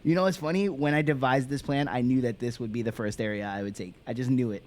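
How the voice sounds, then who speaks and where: A man's voice: mid-range voice, quick pace, a little mellow. A man chatting casually while streaming a game, rambling and laughing often. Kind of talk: casual chat while gaming.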